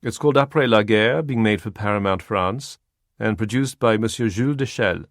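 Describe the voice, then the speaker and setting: A reserved, courteous film actor, read by a male audiobook narrator. The voice stays low and even, close and dry, with careful, measured phrasing. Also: no room sound, natural voice. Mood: polite. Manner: polite, measured.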